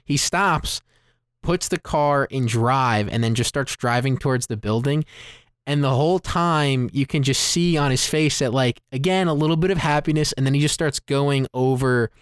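A man co-hosting a casual movie podcast. He retells film scenes with animated energy and fills his sentences with "like.". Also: mid-range voice, moderate pace, clean tone, no room sound, clean studio sound. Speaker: podcast co-host, movie reviewer.

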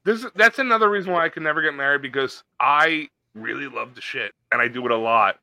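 A man's voice: mid-range voice, quick pace, pushed and bright, no echo. A man co-hosting a podcast, ranting in casual, profane chat and putting on comic voices. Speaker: podcast co-host.

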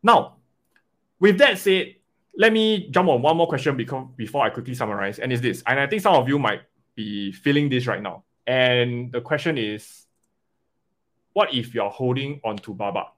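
A man coaching an investing webinar live, animated and often checking in with "right?" and "okay?". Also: mid-range voice, moderate pace.

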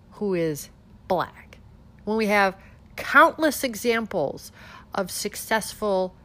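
Sarcastic stuffed-up woman hosting commentary. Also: mid-range voice. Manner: sarcastic, animated, rhetorical questions. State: stuffed-up nose. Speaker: political commentary host. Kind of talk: casual political commentary.

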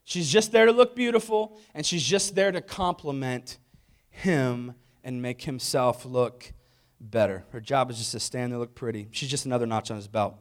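A man's voice: mid-range voice, normal speed. A man giving a humorous sermon-style talk, joking and asking the audience questions. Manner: jokey, asks the audience questions.

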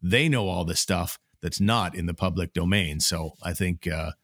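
A man's voice: low-pitched, moderate pace, fairly bright tone, no room sound, clean studio sound. A man hosting a casual sports podcast, talking in an easygoing way with many fillers. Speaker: podcast host.

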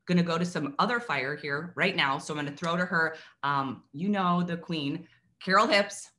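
A woman's voice: on the low side, moderate pace, bright, forceful tone, a little hiss or hum. A female co-host on a video call giving a heartfelt, earnest coaching talk, hesitant at times.

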